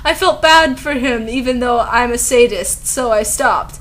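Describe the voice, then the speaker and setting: A woman's voice: fairly high pitch, normal speed, few pauses, a bit bright. A young woman giving a comedic dramatic reading with sarcastic, incredulous commentary. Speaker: video commentator.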